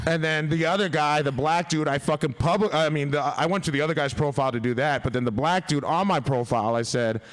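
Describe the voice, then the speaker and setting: A man's voice: on the high side, fairly quick. Profane man telling a rambling story. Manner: profane, rambling, laughs through his stories. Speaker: podcast guest. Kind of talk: casual storytelling.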